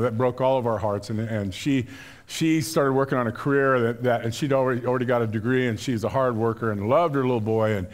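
An older man, a pastor, preaching a sermon in a conversational, storytelling way with frequent restarts. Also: mid-range voice. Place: church sanctuary.

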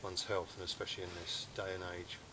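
A middle-aged British man hosting an outdoors channel, talking in an easygoing, relaxed way from a hammock in the woods. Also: sits low, fast talker, background noise. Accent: British English. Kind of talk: casual chat to camera.

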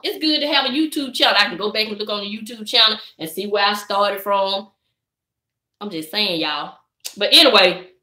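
This vlogger's live stream features a woman of medium pitch whose voice is pushed and bright. She chats casually with an easygoing, preachy attitude, using "baby" and "y'all" for her viewers. The room sounds echoey.

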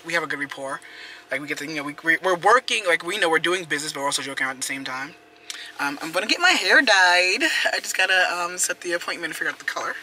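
A man's voice: fairly high pitch, pushed and bright, a little hiss or hum. A man chatting casually while he drives, rambling with lots of fillers. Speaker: vlogger. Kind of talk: casual vlog chat while driving. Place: in his car.

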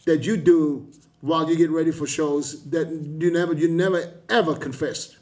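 A man's voice: on the high side, steady tone, moderate pace, darkish tone. A man hosting a casual chat, speaking frankly and bluntly.

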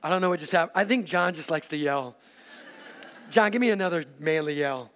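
Male pastor, middle-aged, high voice, lively sermon delivery with playful asides, church hall reverb. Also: fairly quick. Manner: energetic, joking asides to the congregation. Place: large church auditorium.

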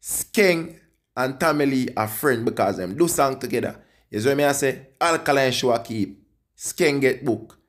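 A man with a Jamaican accent hosting an entertainment channel and giving casual commentary on artists, often repeating "you see me, I say" with lively jumps in pitch. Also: moderate pace.

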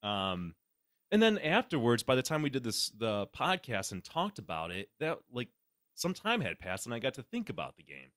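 A man's voice: mid-range voice, normal speed, dry recording, studio quality. A man hosting a podcast, ranting sarcastically and swearing in casual chat. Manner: sarcastic, animated ranting with lots of profanity. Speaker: podcast host.

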